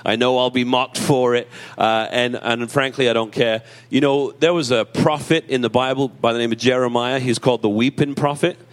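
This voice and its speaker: A man preaching a sermon in an emotional, conversational way with self-deprecating humor, rising in pitch when he reads scripture aloud. He is close to tears. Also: steady tone, normal speed, few pauses. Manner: rises in pitch and emphasis when reading scripture. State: tearful. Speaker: pastor.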